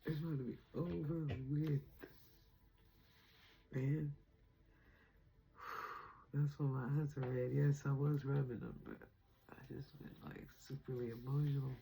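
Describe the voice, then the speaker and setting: A woman's voice: rumbling low, fairly even intonation, a little slow, creaky, pauses often, mellow, a little hiss or hum, rough recording. A young adult woman vlogging about spirituality, emotional and close to tears, talking casually with slang. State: teary, on the verge of crying. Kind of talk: emotional spiritual vlog chat.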